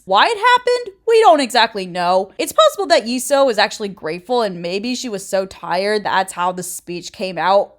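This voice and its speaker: Sassy woman in her twenties, lively. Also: a little high. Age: 20s. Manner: sassy, blunt, opinionated. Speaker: YouTuber. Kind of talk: commentary video essay narration.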